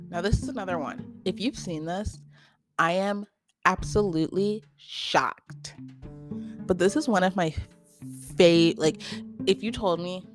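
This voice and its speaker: A woman hosting a solo podcast, chatting casually and gushing, with many "like" fillers. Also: on the low side. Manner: chatty and gushing, heavy use of "like". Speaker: podcast host.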